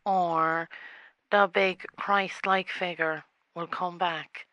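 A woman's voice: on the low side, fairly even intonation, slow pace, sharp tone, no room sound, muffled recording. A woman playing a blunt caller who warns of a coming apocalypse. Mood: scolding. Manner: blunt, scolding. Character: doom-saying Irish woman caller, scolding.

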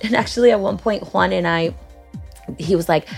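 A woman in her thirties co-hosts a relaxed podcast chat. She talks with a gravelly rasp in her voice and a chatty, storytelling manner, laughing easily and acting out the people she quotes. A little music plays softly underneath. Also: mid-range voice, normal speed. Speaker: podcast co-host. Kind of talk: casual chat.

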